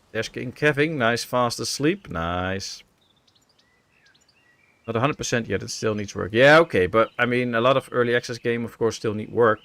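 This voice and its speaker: A man's voice: mid-range voice, gravelly, no echo. A man from the Netherlands streaming a colony-building game, chatting casually with his viewers and musing aloud with lots of fillers. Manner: relaxed, musing, thinking aloud with many fillers. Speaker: gaming streamer.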